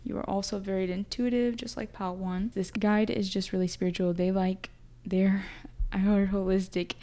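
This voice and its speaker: Young woman, tarot reader, casual chatty reading, mellow voice, emotional, thinking aloud. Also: mid-range voice, fairly even intonation, moderate pace.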